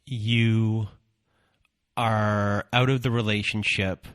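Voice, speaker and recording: A male podcast host with a low, flat voice who asks his questions slowly and hesitantly. The sound is dry and close. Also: clean tone, dry recording. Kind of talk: interview questions.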